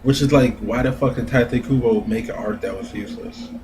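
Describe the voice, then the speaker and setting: A man giving a casual, profane anime review rant, animated and laughing often. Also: medium pitch, brisk, noisy background. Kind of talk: casual ranting commentary.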